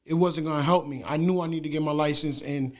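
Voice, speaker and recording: Casual male podcast guest with a high voice, lively and quick to laugh. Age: adult with wife and two sons. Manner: animated, laughing storyteller with slang fillers. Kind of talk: casual interview chat.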